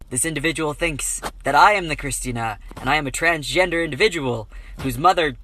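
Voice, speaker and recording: Deadpan man with a bright voice. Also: a little high, brisk, a little hiss or hum, poor audio. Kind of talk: casual storytime.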